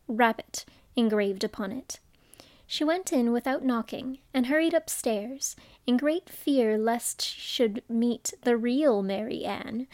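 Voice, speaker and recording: A woman narrating a storybook in a measured, expressive way. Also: high voice, no room sound. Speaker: audiobook narrator.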